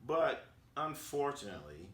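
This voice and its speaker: A man from Oakland in a casual storytelling recap, animated and acting out quotes with slang. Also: medium pitch, normal speed. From Oakland, California, USA. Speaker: sports vlogger. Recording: roomy sound, distant from the mic.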